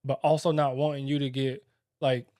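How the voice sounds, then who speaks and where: Reflective man, halting and candid. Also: medium pitch, level tone, darkish tone, dry recording, studio quality. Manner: reflective, halting, filler-heavy. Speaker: podcast co-host. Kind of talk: candid married-couple conversation.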